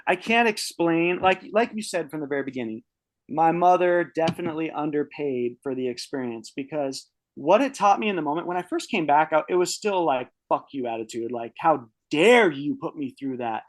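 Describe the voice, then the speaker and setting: Here a man in his early thirties, a guest on a podcast, speaks briskly with a fairly high pitch and lively intonation. His personal story wanders casually, full of restarts and free swearing.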